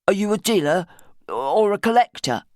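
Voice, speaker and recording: A woman's voice: mid-range voice, very animated, moderate pace, no echo, clean studio sound, pitched above the performer's own voice, natural voice. A woman reading the part of a direct, eager young man in an audiobook. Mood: curious.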